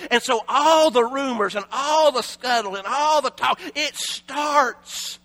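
A man with an Appalachian accent preaching a sermon, telling the story dramatically, swinging between shouting and low hushed tones. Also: takes it slowly, few pauses.

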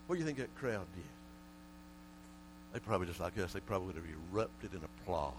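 A male preacher delivering a sermon, swinging from quiet, low passages to loud shouted calls and often repeating words. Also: sing-song, quick pace, pauses often, low-quality recording. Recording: mains hum under the voice.

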